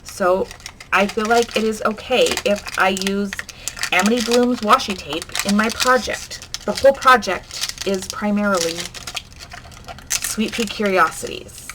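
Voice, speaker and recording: Lady crafter talking slowly thru her journal project, little hums and asides, noisy room. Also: medium pitch. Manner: chatty, hums and mutters to herself while working. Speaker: crafting channel host. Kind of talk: casual crafting vlog talk. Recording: noticeable background noise.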